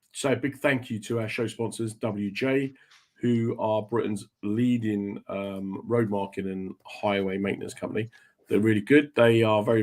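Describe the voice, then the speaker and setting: Chatty man hosting a show. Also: on the low side. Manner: chatty, swaps into voices when quoting people. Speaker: radio show host. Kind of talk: casual chat, telling stories.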